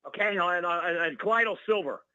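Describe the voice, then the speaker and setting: A male caller on a talk radio show, ranting excitedly and calling the host by name over and over. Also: sits high, brisk, clear, resonant tone, dry recording, highs cut off. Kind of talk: heated call-in rant.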